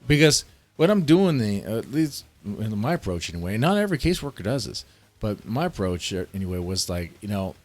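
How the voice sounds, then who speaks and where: Low-voiced man explaining casework. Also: big pitch swings, fairly quick, darkish tone. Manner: walks through interview questions step by step, thinking aloud. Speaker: child protective services caseworker. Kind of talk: casual explanation.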